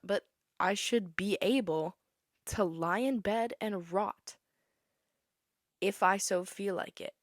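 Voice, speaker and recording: A woman's voice: medium pitch, no echo, studio quality. A young woman, possibly a teenager, hosting a casual solo podcast, chatty and opinionated, sometimes breaking into song. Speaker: podcast host.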